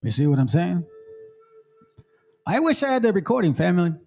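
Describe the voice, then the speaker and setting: A man's voice: high-pitched, big pitch swings, brisk, vocal fry, darkish tone. A middle-aged man from Mexico, hosting a channel and commenting emphatically on a played debate clip in a casual, preachy street manner. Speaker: channel host.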